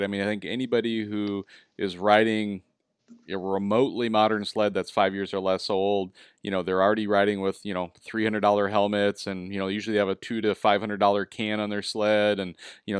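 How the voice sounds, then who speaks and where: A man's voice: on the low side, clear, resonant tone, no echo, clean studio sound. A middle-aged man hosting a casual interview, talking in an easygoing coaching way, often asking "right?". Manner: easygoing, coaching tone with lots of "you know" and "right?". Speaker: host.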